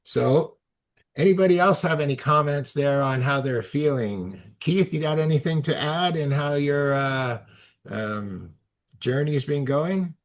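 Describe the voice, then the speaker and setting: A man leading a relaxed group chat over a video call. He is laid-back and friendly and laughs easily as he asks others to speak. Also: fairly high pitch. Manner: easygoing, quick to laugh.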